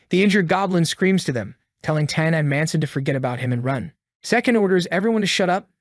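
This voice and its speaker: A man's voice: on the high side, no room sound, studio quality. A man narrating a story recap in a casual, slangy storytelling manner.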